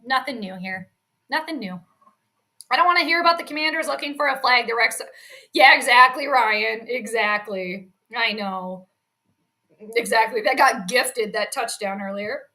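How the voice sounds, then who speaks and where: Bright high-voiced woman streaming game commentary. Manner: chatty, reacts to plays, reads chat comments. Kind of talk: live play-by-play commentary stream.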